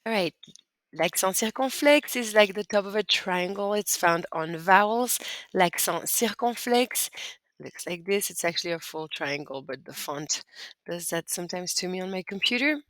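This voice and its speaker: A woman's voice: fairly low pitch, moderate pace, a bit bright, no echo. Dry-sounding woman teaching French accents. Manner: clear, patient step-by-step instruction. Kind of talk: screen-recorded lesson walkthrough.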